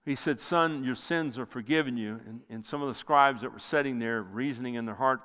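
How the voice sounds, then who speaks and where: A male pastor preaching a sermon with passion, rising loud and then dropping to near quiet. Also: brisk, hardly any pauses. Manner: impassioned preaching, swells loud then drops low. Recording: long hall reverb.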